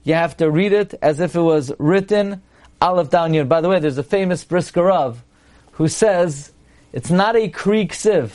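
Guy giving a torah shiur, reads the text then explains it, kinda high-ish voice. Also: moderate pace, darkish tone. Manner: explanatory, reads Hebrew text then translates, frequent restarts. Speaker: rabbi teaching halacha. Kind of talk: Torah class lecture.

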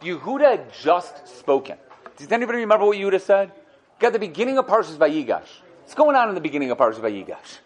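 A man's voice: sits high, fast. A man teaching a Torah lesson to a class. He acts out the quotes with a rising voice and asks questions of his students. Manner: animated, dramatizes quotes with a rising voice. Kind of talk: classroom lesson on the weekly portion.

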